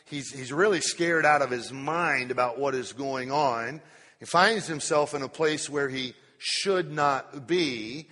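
A man preaching a sermon at a church Bible study, stretching key words slowly for emphasis. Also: a little high, pushed and bright. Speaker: pastor. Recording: long hall reverb.

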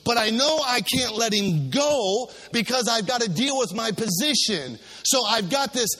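Preacher acting out a fretful cowardly governor. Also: male voice, extremely high pitch, animated, unhurried, sharp tone, heavily acted. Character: anxious cowardly male Roman governor, torn. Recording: long hall reverb.

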